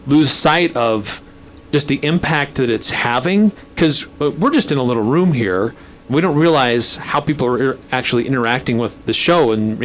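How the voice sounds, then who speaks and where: There's a little hiss or hum behind this mid-range male voice: a radio station manager guesting in the studio on a talk program. He's chatty and self-deprecating, laughing often as he talks.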